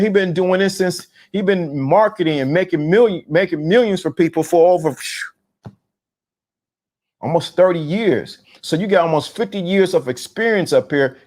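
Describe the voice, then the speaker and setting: A middle-aged man hosting a casual live stream, talking in slang, repeating himself and giving shout-outs to viewers. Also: on the high side. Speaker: host of a talk show on dating game. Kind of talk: casual live-stream talk reading chat.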